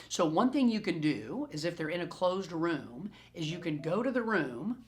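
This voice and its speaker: A man who trains dogs, answering questions in a recorded group session in an animated, playful way and repeating phrases for emphasis. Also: on the high side, unhurried. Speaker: dog trainer. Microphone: self-recorded camera.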